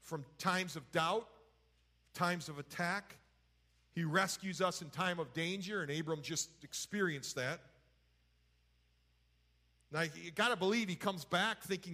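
Male Bible teacher, conversational and folksy, a bit high-pitched. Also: measured pace, bright, forceful tone. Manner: folksy, paraphrases scripture in everyday talk.

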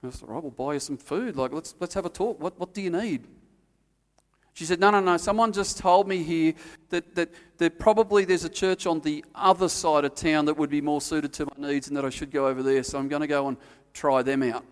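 A man's voice: fairly high pitch, steady tone, fairly quick. Preacher man in a reverberant hall. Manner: storytelling with acted-out quotes, dropping to quiet emphasis. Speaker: pastor. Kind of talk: sermon.

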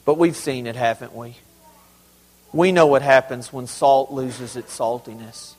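A man's voice: mid-range voice, fairly even intonation, unhurried, long reverb tail, poor audio. A man preaching a sermon as pastor, emphatic and conversational, with humorous asides to his congregation. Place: church sanctuary.

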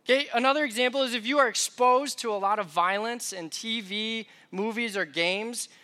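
Bright-voiced young male preacher. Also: very high-pitched, moderate pace. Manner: conversational, self-deprecating storytelling. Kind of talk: sermon.

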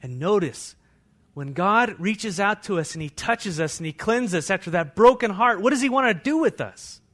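A pastor preaching a sermon, moving between hushed, intimate passages and loud, fervent scripture readings. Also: male voice, high-pitched, animated, normal speed. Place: church.

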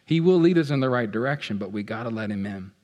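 A man preaching a sermon as pastor, animated and playful, swinging between loud outbursts and hushed asides. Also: mid-range voice, fast talker, highs cut off. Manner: playful, acts out what people feel.

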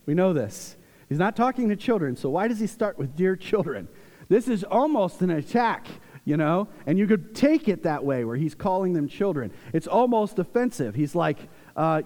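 A man in his forties preaching a sermon in a church, talking in a conversational, animated way with playful storytelling asides. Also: sits high, moderate pace. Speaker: pastor. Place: church sanctuary. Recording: long reverb from a church hall.

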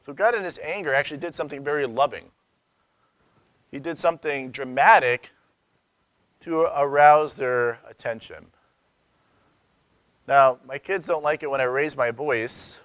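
A man's voice: fairly high pitch, unhurried, long pauses, no echo. Conversational pastor man, dry sound. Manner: conversational, searching, with rhetorical questions and sudden loud emphasis. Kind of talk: sermon.

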